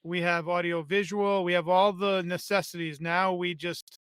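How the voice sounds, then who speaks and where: Smooth high-voiced man. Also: level tone, moderate pace, a bit bright, no echo. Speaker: conference organizer. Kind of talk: casual chat.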